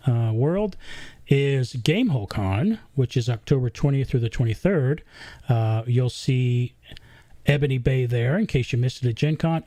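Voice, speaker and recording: Guy hosting a live stream, reads chat questions out, mid pitch, dry close sound. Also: dark tone, dry recording. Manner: chatty, reads viewer questions aloud. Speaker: podcast host. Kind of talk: casual live-stream interview.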